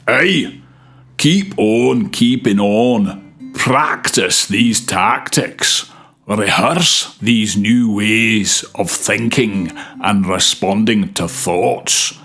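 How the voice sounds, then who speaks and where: A man reading advice slowly in a theatrical put-on Scottish accent. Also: on the low side, creaky, fairly bright tone, slightly rough. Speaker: co-presenter. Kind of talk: reading advice in a comic audition voice.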